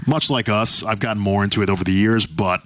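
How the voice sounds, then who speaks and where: Brief: deep-voiced young male co-host, bright edge, wry banter, dry close mic. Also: no echo. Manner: relaxed, wry, quick to laugh. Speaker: podcast co-host. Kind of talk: casual podcast chat.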